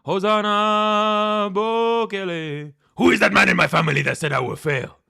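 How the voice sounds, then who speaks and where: A man voicing a fiery middle-aged male preacher with a booming, drawn-out delivery, heard from off the mic. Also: fairly even intonation, creaky, sharp tone, clear, resonant tone, heavily acted. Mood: preaching.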